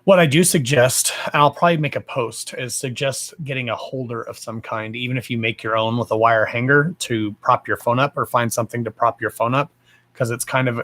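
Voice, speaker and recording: On a rough recording, a man with a mid-range, slightly bright voice talks at a moderate pace. He's a Texan-accented psychic hosting a casual live stream, greeting viewers affectionately, chatting freely, and swearing without much thought.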